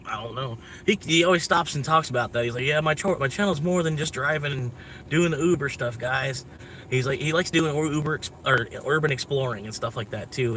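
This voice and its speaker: An American man rambles through a casual vlog chat, swearing freely and circling his points with fillers. His voice sits at an ordinary middle pitch. A faint vehicle hum runs underneath. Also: fairly bright tone. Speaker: vlogger. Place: inside a moving vehicle.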